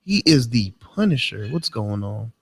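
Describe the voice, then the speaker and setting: Gravelly, animated man hosting. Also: medium pitch, a little slow. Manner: loose, joking, slangy. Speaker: podcast host. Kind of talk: casual podcast chat.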